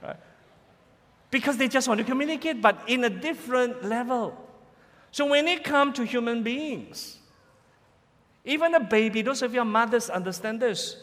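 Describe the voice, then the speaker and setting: Lively high-voiced male preacher in a hall. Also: normal speed, pauses often. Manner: animated, playful, imitates sounds for the crowd. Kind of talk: sermon. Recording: long hall reverb.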